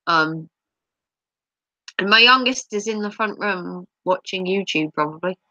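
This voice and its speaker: A woman's voice: mid-range voice, measured pace, bright, forceful tone, no room sound, highs cut off. A middle-aged woman hosting a casual livestream, teasing viewers and reading their comments, her voice a little sore. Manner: playful, teasing, giggly. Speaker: livestream host. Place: home, streaming.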